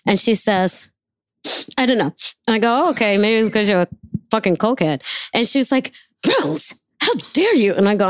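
A woman spins a casual anecdote, swearing freely and acting out every bit of dialogue. Her voice sits a little high, and the sound is dry and close. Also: dry recording. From New York. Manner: animated, profane storyteller acting out dialogue. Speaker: guest.

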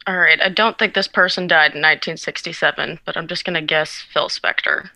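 Bright-toned woman, dry close sound. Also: sits low, steady tone, fairly quick, no echo, poor audio. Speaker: quiz contestant. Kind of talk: casual chat.

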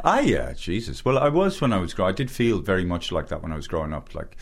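An Irish comedian, middle-aged, telling stories in a casual interview, animated, with loud bursts when he mimics people. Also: fast. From Ireland. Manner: animated storyteller, jumps into loud high-pitched impressions. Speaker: comedian guest.

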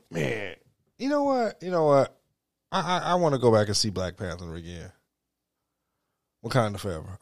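A man's voice: medium pitch, gravelly, no room sound, clean studio sound. A man co-hosting a casual podcast, rambling, stammering and laughing often, with coarse language. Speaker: podcast co-host. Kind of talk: casual banter.

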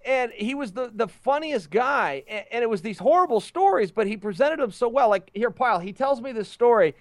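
A high-pitched man tells a story in loose, casual chat, tripping over and repeating his words as he rushes along. His voice is dry and close, with no room sound around it. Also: no echo. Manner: lively storyteller who stumbles and repeats words. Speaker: guest on a talk show.

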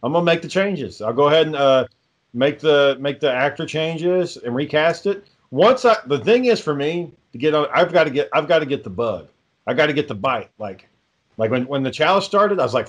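A man's voice: a little high, expressive, brisk. Laid-back, foul-mouthed indie filmmaker man. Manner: laid-back, swears constantly. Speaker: podcast host and indie filmmaker. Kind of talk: casual chat.

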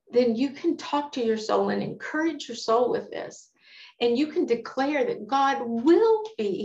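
A woman's voice: a little high, gravelly. A woman giving an earnest, candid devotional teaching on a psalm, talking in a conversational way and quoting scripture. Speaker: Bible teacher. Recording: echoey room, dull lo-fi sound.

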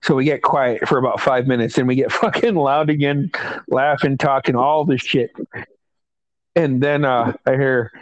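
A man's voice: mid-range voice, moderate pace, rough recording. A man telling profane stories among friends with lots of laughter. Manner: profane, laughing, animated retelling. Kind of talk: casual storytelling among friends.

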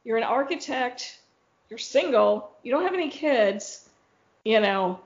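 A woman podcast host telling a story in casual chat, rambling with lots of fillers and blunt swearing. Her voice sits fairly high. The recording sounds a little dull and lo-fi. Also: a little slow. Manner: animated, rambling with many fillers and frank swearing.

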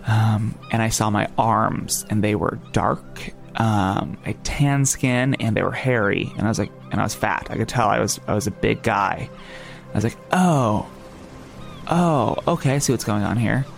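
A man's voice: on the low side, normal speed, vocal fry, faint music behind. A man with a New Jersey accent telling a story in casual chat, rambling with many fillers and restarts. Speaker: podcast guest.

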